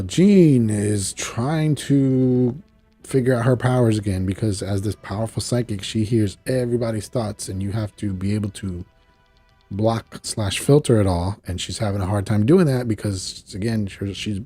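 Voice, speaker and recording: A husky-voiced man, pitched on the low side, recaps a cartoon episode at a moderate pace over soft background music, with no room sound. As a show reviewer, he talks casually and ramblingly, acting out character lines with animation and chuckling at asides.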